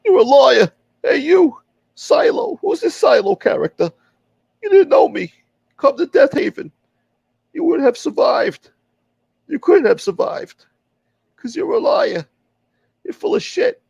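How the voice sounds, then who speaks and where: A squeaky, cocky tough guy. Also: wildly swooping pitch, measured pace, creaky, pauses often, a little mellow, dry recording, lo-fi sound, exaggerated voice. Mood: taunting. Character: shrill boastful man calling himself a feared sheriff.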